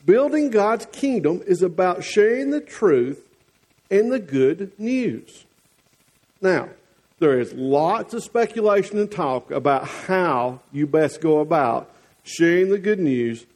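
A man's voice: sits high, animated, measured pace, a little mellow. A man with a Southern US accent preaching a sermon as the church's pastor, folksy and teasing one moment, earnest the next.

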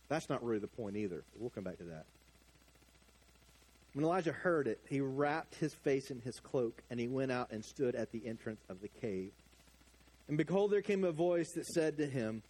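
A middle-aged man preaching a sermon, animated, swinging from hushed asides to loud emphatic lines. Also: on the high side, normal speed. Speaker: pastor.

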